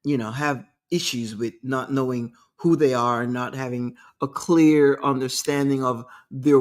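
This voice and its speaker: A woman hosting a talk show, giving an emphatic motivational monologue and repeating her key points. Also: a bass voice.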